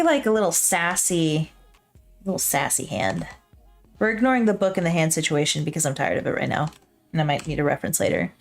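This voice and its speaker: A woman artist thinking aloud while she draws, chatty and self-deprecating, joking to herself into her desk mic. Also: fairly low pitch. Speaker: digital artist streaming her work. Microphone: her own desk mic with a pop filter.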